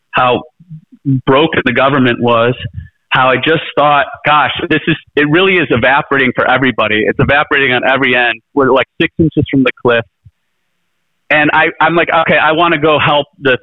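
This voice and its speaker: A man's voice: medium pitch, no echo. Earnest rambling man on a tinny line. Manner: earnest, rambling, frequent restarts and fillers. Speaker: interview guest, presidential candidate. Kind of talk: casual interview storytelling. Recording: tinny phone-like line, dry.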